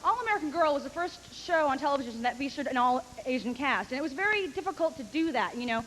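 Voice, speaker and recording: A woman's voice: high-pitched, lively intonation, quick pace, a bit bright, long reverb tail, a little hiss or hum, rough recording. A woman doing a stand-up comedy routine, telling brash, profane, rambling stories and acting out other people's voices. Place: comedy stage before a live audience.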